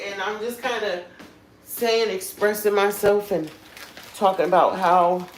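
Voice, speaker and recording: A woman with a low voice hosts a casual livestream. She talks openly and with feeling, speaking right to her viewers. There is a faint noise in the background. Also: darkish tone, low-quality recording. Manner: emotional, candid, addresses viewers directly. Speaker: livestream host.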